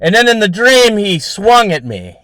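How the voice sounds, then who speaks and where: Man, show host, slightly high voice, dry sound, rambling casual story, lots of swearing and fillers. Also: sing-song, normal speed, a bit bright, no room sound.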